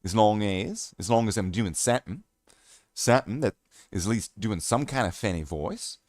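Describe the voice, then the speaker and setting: Rambling low-voiced man streaming hobby chat. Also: expressive, normal speed, a little mellow, no echo, clean studio sound. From Canada. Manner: rambling, self-mocking, many fillers and restarts. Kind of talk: casual live-stream chat.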